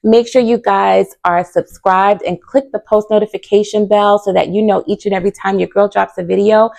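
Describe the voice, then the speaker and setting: A woman's voice: medium pitch, fairly even intonation, normal speed, creaky, darkish tone. A young woman vlogger telling a personal story to camera in a casual, earnest way, full of fillers and, at times, close to tears. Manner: earnest and candid, with many fillers.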